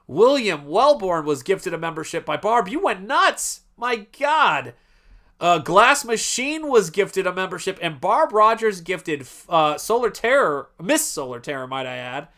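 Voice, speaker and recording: A man hosting a live stream, chatting casually in a rambling, animated way and often cutting himself off. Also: sits high, measured pace. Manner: rambling, animated, self-interrupting. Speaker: livestream host and artist.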